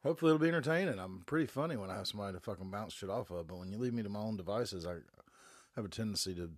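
Man, late 40s, very deep voice, down-in-the-dumps solo podcaster, stuffy cold, dry home recording. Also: very fast, no room sound. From North Carolina, US. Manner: glum, rambling, heavy cursing. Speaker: podcast host. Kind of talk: casual solo podcast monologue. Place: back bedroom at home. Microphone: phone.

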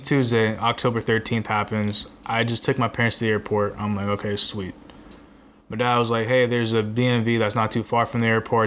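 A man's voice: on the low side, a bit bright, slight background noise. A young man telling a rambling, exasperated story in casual chat, swearing now and then.

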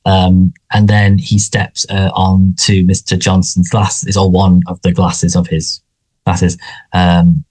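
Low husky man chatting. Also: completely flat delivery, slow, darkish tone. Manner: rambling, frequent restarts and fillers. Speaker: podcast co-host. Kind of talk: casual chat about a sitcom.

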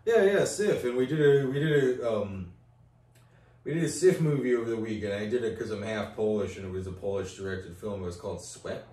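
A man's voice: on the low side, a little fast, dark tone. A man co-hosting a casual podcast, rambling, restarting often, and swearing casually. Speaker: podcast co-host. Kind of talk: casual chat. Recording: roomy, distant mic with faint noise.

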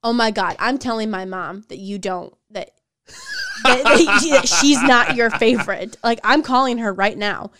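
Young woman, animated podcast chat, smooth clear voice, fairly high pitch. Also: moderate pace, dry recording. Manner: animated storyteller, quoting her partner, laughing often. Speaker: podcast co-host. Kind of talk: casual chat.

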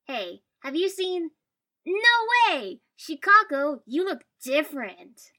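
A woman reading a story aloud, voicing a loud, excitable, melodramatic boy ninja who yells. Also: sits high, slow pace, voice pushed up, full character voice. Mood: excited. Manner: yelling, melodramatic.

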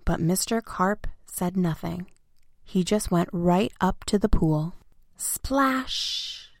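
A woman reading a children's storybook aloud in the first person, simple and expressive. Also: fairly low pitch, a little slow, vocal fry, no echo, studio quality. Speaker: narrator.

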